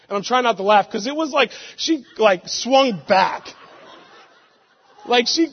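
Young male pastor, lively storytelling sermon, muffled recording. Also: high-pitched, normal speed, pauses often. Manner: animated, laughing storytelling with sudden loud outbursts. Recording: muffled sound with long hall reverb.

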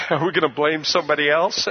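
Folksy preacher man, husky voice. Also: fairly high pitch. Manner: folksy, rising to shouted praise. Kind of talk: sermon with storytelling. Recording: dull lo-fi sermon recording.

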